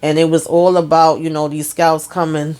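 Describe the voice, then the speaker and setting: A woman's voice: sits low, little pitch movement, normal speed, darkish tone. A woman hosting a casual TV episode recap, chatty and talking straight to her viewers. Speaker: TV recap host.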